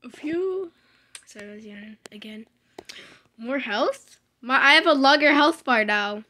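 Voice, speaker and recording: Young woman gaming and rambling, kinda high bright voice, playful, gets loud and excited. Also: a little slow, a little hiss or hum. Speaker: gamer. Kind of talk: casual gameplay commentary. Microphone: desk microphone.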